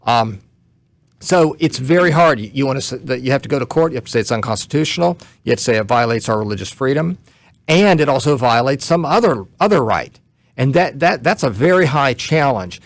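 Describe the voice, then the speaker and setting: Gravelly-voiced man explaining law. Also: mid-range voice, expressive, no room sound. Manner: measured, explains step by step, some restarts. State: short on sleep. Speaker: guest legal commentator. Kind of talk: explanatory radio talk.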